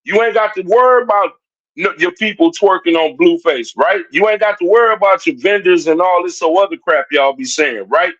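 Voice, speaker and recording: A man's voice: high voice, fairly quick, fairly bright tone. A man giving a heated, confrontational livestream rant, talking straight at his chat and repeating his points. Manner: confrontational, repetitive, addresses chat directly. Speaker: livestream commentator. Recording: dull lo-fi stream audio.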